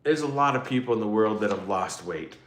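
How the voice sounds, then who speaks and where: A man's voice: fairly low pitch, animated, a little fast, a bit bright, roomy sound. A man hosting a casual livestream, chatting loosely with his viewers and poking fun at himself as he rambles. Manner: rambling, self-mocking, chatty with live comments. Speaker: livestream host.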